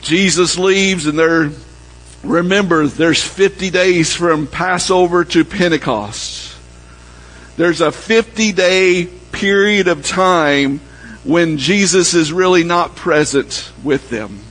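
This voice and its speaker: A man preaching a sermon, telling a story and dropping low and soft when he quotes the people in it. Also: slow, rough recording. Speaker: pastor.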